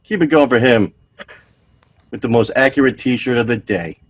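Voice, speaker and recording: A man's voice: medium pitch, lively intonation, normal speed, husky. A man hosting a comedy show over a video call, introducing each comedian with upbeat emcee patter. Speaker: show host.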